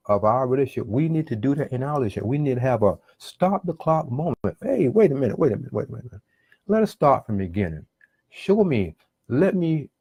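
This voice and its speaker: A man's voice: medium pitch, a little mellow, no echo. Earnest male preacher, dry sound. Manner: earnest, repetitive, acts out quoted dialogue. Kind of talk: sermon on relationships.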